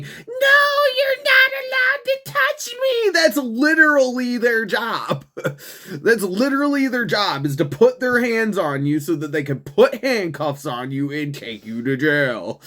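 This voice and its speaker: A man's voice: on the high side, a bit bright. A young man hosting a show, ranting profanely through political commentary with frequent laughs and mockery. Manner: profane, laughs often, mocking. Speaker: show host.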